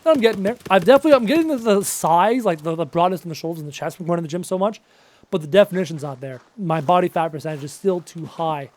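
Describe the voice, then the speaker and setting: A man's voice: sits high, fast, darkish tone. A man in his late twenties chatting casually on a live stream while he plays, answering chat questions aloud with self-mocking jokes, his voice wearing out. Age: late 20s.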